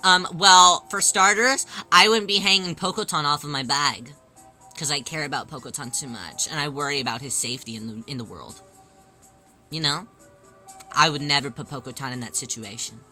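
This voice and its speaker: A woman hosting a casual livestream, chatting and answering viewers' questions in a lively way with many restarts. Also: low voice, moderate pace, soft background music. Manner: animated, reads and answers chat, many restarts. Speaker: livestream host.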